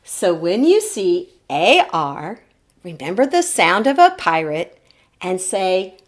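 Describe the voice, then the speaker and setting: A woman teacher leads a phonics lesson for children on a televised show. Her pace is slow and unhurried, and her pitch rises and falls a great deal as she models each sound. She asks the children to say the sounds back to her. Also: big pitch swings. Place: TV studio lesson set.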